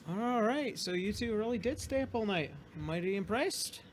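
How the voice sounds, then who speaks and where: A man's voice: high voice, animated, moderate pace, slight background noise, pitched above the performer's own voice. A man putting on a folksy Southern carriage driver woman. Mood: impressed. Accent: American Southern. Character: southern female carriage driver, brisk and approving.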